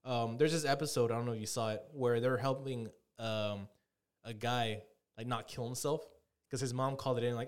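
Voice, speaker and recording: A man's voice: mid-range voice, steady tone, normal speed, smooth. A young man hosting a casual podcast, telling a frustrated story full of swearing and mimicked voices. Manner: profane, ranting storyteller, puts on voices. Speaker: podcast host. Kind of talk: casual chat.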